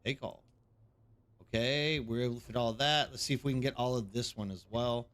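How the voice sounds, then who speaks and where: A man's voice: mid-range voice, fairly even intonation, fairly quick, a bit bright. A man hosting a live game stream, chatting casually and rambling while greeting viewers by name. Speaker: streamer host.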